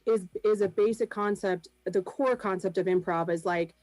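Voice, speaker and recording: A woman's voice: mid-range voice, steady tone, normal speed, darkish tone, no echo, poor audio. A woman guest on a video-call podcast, speaking thoughtfully with frequent ums and light laughs. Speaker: guest, improv performer and business founder. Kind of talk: casual podcast chat.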